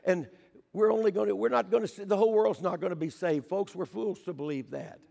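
An older man preaching a sermon in a church, fervent, swinging between shouted pleas and hushed storytelling. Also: sits high, fairly quick, creaky, long reverb tail.

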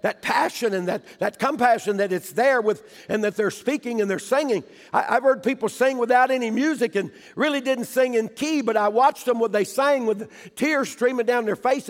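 An older man preaching a sermon in a church, fervent, swinging between shouted pleas and hushed storytelling. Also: very high voice, long reverb tail.

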